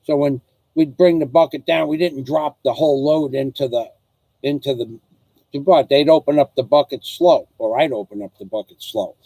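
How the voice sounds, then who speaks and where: A man's voice: medium pitch, moderate pace, warm tone, dry recording, rough recording. An older man telling stories from his working life in a casual, rambling way, with many restarts and earnest questions. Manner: rambling, digressive, full of restarts. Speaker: father recounting his life. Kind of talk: casual storytelling.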